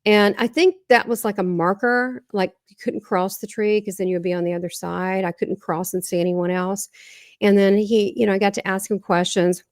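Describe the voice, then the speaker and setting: In a clean studio recording without echo, a guest medium speaks in a steady, mid-range voice at a moderate pace. She has a Southern American accent and earnestly tells of a near-death experience, rambling and frequently starting her sentences over.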